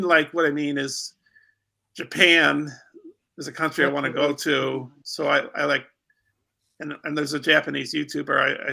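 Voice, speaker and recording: A man from the United States rambles through a casual livestream chat and often restarts his sentences. His voice is gravelly and very sharp, pitched a little high. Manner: rambling, hesitant, many restarts.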